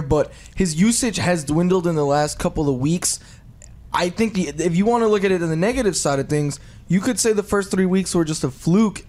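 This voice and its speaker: A man's voice: on the high side, darkish tone. A man working as a sports analyst in a casual chat, thinking aloud in long reasoned runs. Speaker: fantasy football analyst.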